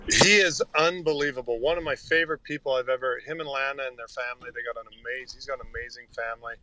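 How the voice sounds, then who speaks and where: A man's voice: medium pitch, fairly even intonation, fast talker, pushed and bright, a little hiss or hum. A middle-aged man, a former hockey player, telling earnest and rambling anecdotes as a podcast guest. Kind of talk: casual interview storytelling.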